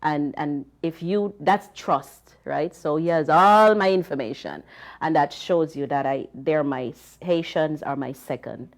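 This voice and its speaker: Jamaican woman, low-pitched, animated storyteller, casual panel guest. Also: unhurried. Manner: chatty, animated anecdotes with many fillers.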